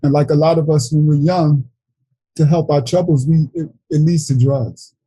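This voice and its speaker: A middle-aged man from New York City sharing an emotional personal testimony at a Bible study, earnest and halting, near tears. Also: a little high, steady tone, dark tone, slightly rough, no room sound, rough recording. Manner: earnest, halting, with frequent restarts.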